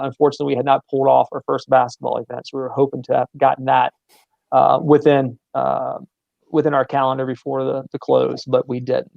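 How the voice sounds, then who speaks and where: A man with a Southern American accent talks through his sports venue as an interview guest, in a steady, level voice with a gravelly edge. He pauses on fillers and repeats words as he explains. The sound is dry and a little dull. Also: mid-range voice, no echo. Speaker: sports center manager, guest.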